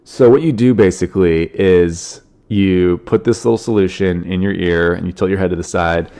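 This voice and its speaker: A man's voice: deep voice, moderate pace. Sniffly man rambling through a story. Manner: animated, rambling, frequent fillers. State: congested from a cold, sniffling. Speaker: podcast host, comedian. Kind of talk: casual solo podcast storytelling.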